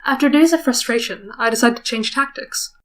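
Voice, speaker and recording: A woman's voice: fairly high pitch, fairly quick, a bit bright, slight background noise. Wry young-sounding woman reading a visual novel. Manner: wry, self-conscious asides between read lines. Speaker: let's player.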